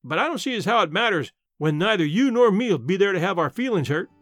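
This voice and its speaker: A man's voice: high-pitched, expressive, fast, a bit bright, dry recording, soft background music. A man doing a blunt plainspoken old aunt. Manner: dry, matter-of-fact, plainspoken country talk. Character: blunt, sharp-tongued old countrywoman aunt.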